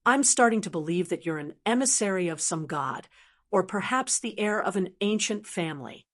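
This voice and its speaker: A woman voicing an excitable male butler in an audiobook, his voice trembling with excitement. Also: medium pitch, moderate pace, lightly acted. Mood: awed.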